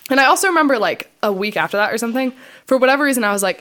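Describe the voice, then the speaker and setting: A woman's voice: fairly high pitch, expressive, racing, pushed and bright. A young adult woman, a podcast co-host, casually telling her personal testimony in a chatty way, full of fillers and re-enacted quotes of her past self.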